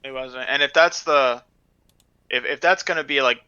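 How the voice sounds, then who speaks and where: A man with a very bright, smooth voice chats hesitantly about esports on a podcast, leaning on fillers and trailing off. His mic sounds dull and lo-fi, and the room is dry. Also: mid-range voice, moderate pace, no room sound. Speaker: podcast co-host. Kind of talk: casual esports analysis chat.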